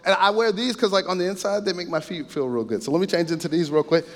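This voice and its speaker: Guy giving a laid-back faith talk, slightly high voice, lots of "you know what i mean", long hall echo. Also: quick pace. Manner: conversational, repeats himself, frequent asides to the audience. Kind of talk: casual sermon-style talk.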